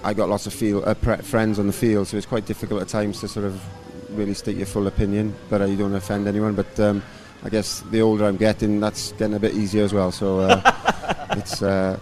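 A man in his thirties, a rugby coach, answering interview questions in a relaxed, rambling way with lots of fillers. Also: lowish voice, brisk, hardly any pauses, faint music behind. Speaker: rugby coach and former player.

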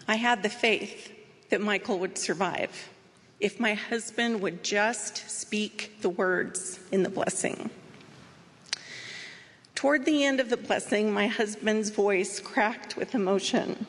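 A woman giving an earnest, measured personal testimony as she tells her story. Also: mid-range voice, long reverb tail. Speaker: speaker sharing a personal story.

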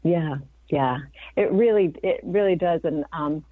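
A woman in her fifties with a low, deep voice speaks earnestly and reflectively, often backing up to restart a thought. The sound is thin and phone-like, dry with no room around it. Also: a little slow, no room sound. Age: 50s. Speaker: guest physician. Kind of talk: conversational interview. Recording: dry, phone-like remote audio.

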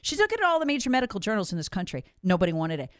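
A woman's voice: mid-range voice, wildly swooping pitch, very fast, dry recording, clean studio sound. A woman, hosting and delivering an angry, emphatic monologue full of rhetorical questions. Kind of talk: impassioned monologue.

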